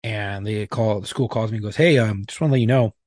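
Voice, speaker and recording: Husky man telling blunt, profane stories. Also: lowish voice, fast, darkish tone, no room sound. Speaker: podcast co-host. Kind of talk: casual storytelling chat.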